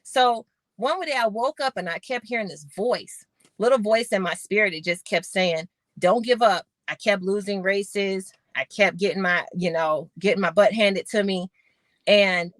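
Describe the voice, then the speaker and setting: A middle-aged woman, a podcast guest and former Olympic sprinter, telling her story with animated retellings of conversations. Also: medium pitch, moderate pace, no echo. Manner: animated storyteller acting out quoted voices.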